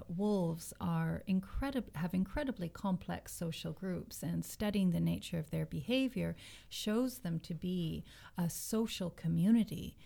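A woman co-hosting a casual academic discussion, explaining ideas in a measured way. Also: on the low side, gravelly, dark tone.

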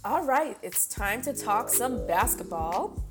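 A woman's voice: on the high side, expressive, slow, over music. A young woman co-hosting a podcast, chatting casually, teasing and laughing often. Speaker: podcast co-host. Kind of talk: casual chat.

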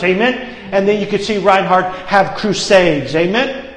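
Man, preacher, high-pitched, animated storytelling sermon, calls for amens, roomy church hall, long reverb. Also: measured pace.

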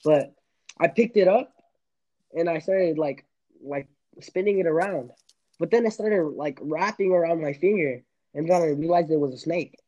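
A man's voice: fairly high pitch, moderate pace, dark tone, lo-fi sound. A young man hosting a casual podcast chat, rambling and laughing with many restarts. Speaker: podcast host.

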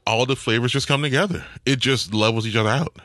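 Man, casual co-host, eating while talking, animated, dry close sound. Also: medium pitch, fast talker, dry recording. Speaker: podcast co-host. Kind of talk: casual chat.

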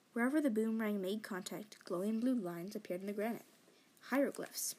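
A woman reading a novel aloud in first person, expressive and sometimes dropping to a whisper. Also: on the high side, slightly rough. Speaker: audiobook reader. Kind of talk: fan audiobook narration.

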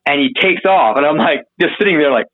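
Guest, male, higher voice, tells stories with lots of swearing and acted-out quotes; thin phone-line sound. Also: quick pace. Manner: animated, profane, acts out quotes in a higher voice. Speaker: interview guest. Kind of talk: casual storytelling.

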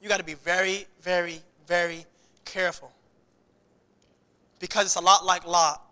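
A man preaching a sermon in a church, animated and often restarting his sentences. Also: sits high, normal speed, smooth, in a large hall. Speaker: pastor.

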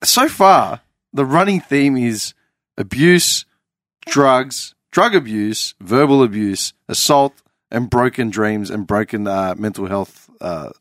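A man hosts a casual talk, his voice moving a lot in pitch as he asks pointed questions. The recording is dry and close. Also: lively intonation, takes it slowly, fairly bright tone, no room sound. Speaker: podcast host. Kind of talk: casual podcast chat.

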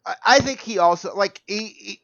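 A man's voice: high-pitched, normal speed, a bit bright, no echo, dull audio. A man in his thirties in casual chat, rambling and laughing often. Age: 30s.

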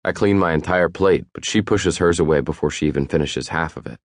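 A man narrating a first-person audiobook in a wry, even storytelling manner. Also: sits low, a little fast, no echo, studio quality.

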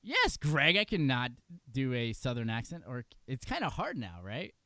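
A man's voice: mid-range voice, wildly swooping pitch, moderate pace, bright, forceful tone, no room sound. A man co-hosting a podcast in casual chat, talking in a rambling way with many fillers and laughs. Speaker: podcast co-host.

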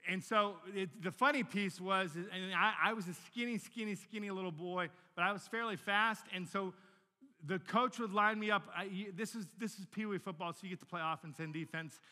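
A man's voice: sits high, normal speed, pushed and bright, big-room sound. A pastor in his forties, telling stories animatedly in a sermon and often repeating words as he restarts a sentence. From Northern Virginia, United States.

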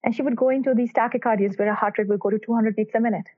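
A woman's voice: on the high side, steady tone, very fast. Earnest woman doctor on a tinny line. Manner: earnest and emphatic, telling patient stories. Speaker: cardiac electrophysiologist guest. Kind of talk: podcast interview answers. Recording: tinny phone-line sound.

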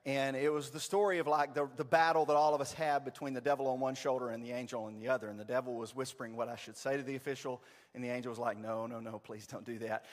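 Pastor telling a story in a reverberant church. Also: male voice, medium pitch, fast talker. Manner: storytelling, self-deprecating and animated. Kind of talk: sermon. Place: church sanctuary.

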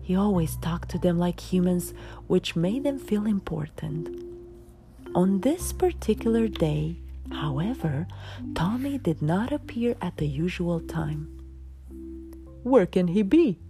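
Lady reading a kids story, soft expressive, lowish voice, music playing under. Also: measured pace. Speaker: podcast host and storyteller.

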